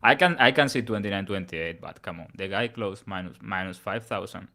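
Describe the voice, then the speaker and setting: A man's voice: low-pitched, a little fast, bright, forceful tone. A man co-hosting a betting podcast, talking bluntly in casual chat and ranting with some swearing. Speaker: podcast co-host and bettor.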